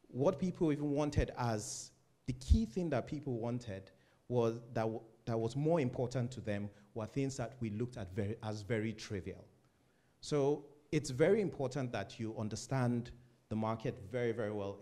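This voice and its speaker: A man from Africa, a startup founder, speaking casually on a panel and acting out loud conversations with a laugh. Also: on the low side, moderate pace. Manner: animated, acts out loud phone talk with laughter.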